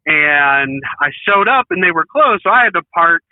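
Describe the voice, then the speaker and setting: A man's voice: on the high side, lively intonation, normal speed, no echo. A man who drives trucks, plainly recounting an earlier job. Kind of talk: casual storytelling. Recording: tinny phone-like line.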